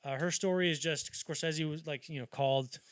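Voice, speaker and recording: A man's voice: a little high, steady tone, a little fast, no room sound. A man hosting a podcast, chatting casually about film history and acting out anecdotes as he rambles along. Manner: rambling storyteller who acts out quotes. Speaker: podcast host.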